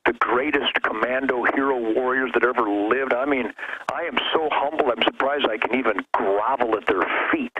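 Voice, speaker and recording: A man's voice: mid-range voice, bright, forceful tone, lo-fi sound. A man calling in as a radio show guest, delivering a fiery, preachy rant that builds into outbursts. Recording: noisy radio line.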